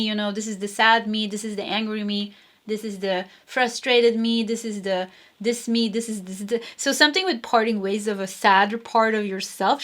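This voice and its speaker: Chatty higher-pitched woman tarot reader. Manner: chatty, rambling, frequent "you know" and soft laughs. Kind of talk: casual spoken tarot reading.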